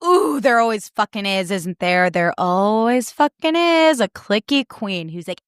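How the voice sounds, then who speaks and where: A woman's voice: medium pitch, normal speed, clear, resonant tone, dry recording. Young woman, podcast host from Chicago, heated and swearing freely, dry close mic. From Chicago, US Midwest. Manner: heated profanity-laced rant. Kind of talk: casual chat.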